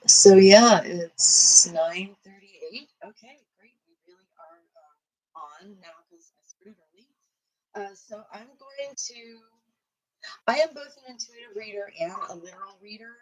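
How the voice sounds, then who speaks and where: A woman with a slightly low voice runs a live-streamed collective card reading. She talks softly and meanders with many fillers. Now and then she chants a short prayer in a steady rhythm. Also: rough recording. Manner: soft, meandering, with frequent fillers; rhythmic chanting prayer while shuffling cards. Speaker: intuitive tarot reader and healer.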